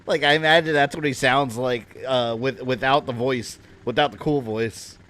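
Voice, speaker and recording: A man's voice: mid-range voice, fairly even intonation, moderate pace, a bit bright. A man chatting casually at his home desk while livestreaming a game, rambling and joking at his own expense. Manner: chatty, rambling, self-deprecating. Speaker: game streamer.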